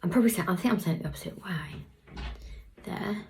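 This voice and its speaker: A young woman talks through a hair tutorial in a chatty, easygoing way. She mutters asides under her breath as she works. Her voice has a gravelly, creaky texture. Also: medium pitch, fast talker, mellow, a little hiss or hum. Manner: chatty, talks while working, drops into murmurs. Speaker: hairstylist vlogger.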